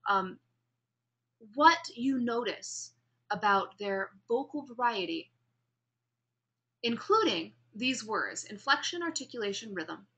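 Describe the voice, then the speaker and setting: A woman giving a classroom lecture on public speaking, explaining vocal variety and demonstrating pace and pauses as she talks. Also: on the high side, bright, forceful tone.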